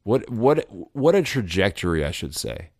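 Podcast host, man, low voice, dry close sound, loose and profane. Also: sing-song, moderate pace, a little mellow, no room sound. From Louisville, Kentucky. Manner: rambling, swears freely, laughs often. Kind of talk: casual chat.

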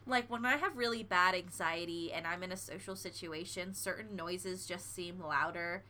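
A woman's voice: on the low side, normal speed, a little hiss or hum. A woman co-hosting a casual chat, telling stories with lots of laughter and restarts. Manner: giggly, animated storyteller; trails off and restarts mid-sentence.

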